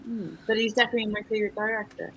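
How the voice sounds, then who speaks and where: A woman chatting casually as a guest, relaxed and gushing, with frequent fillers. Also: medium pitch, rapid-fire, rough recording. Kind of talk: casual chat.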